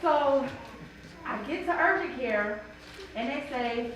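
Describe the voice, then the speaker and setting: A mother sharing a personal story at a church bible study, animated and emotional, acting out what people said. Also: high voice, slow, pauses often. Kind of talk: personal testimony in a group discussion. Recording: echoey room from far off, noisy.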